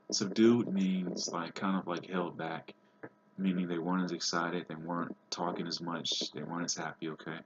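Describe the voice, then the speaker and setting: A man reads a novel aloud in a plain, patient way, pausing to explain harder words. His voice is very low. The recording is dull and lo-fi with steady hiss behind it. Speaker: reader.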